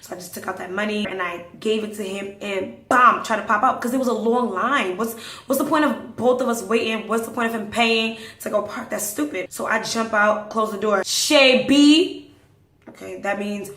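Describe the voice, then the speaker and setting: A woman in an animated, casual storytelling mode, acting out conversations and slipping into hushed asides. Her voice sits in a middle register. The recording has a noticeably roomy echo. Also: medium pitch, a little fast. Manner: animated, acts out dialogue, drops to hushed asides. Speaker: podcast host.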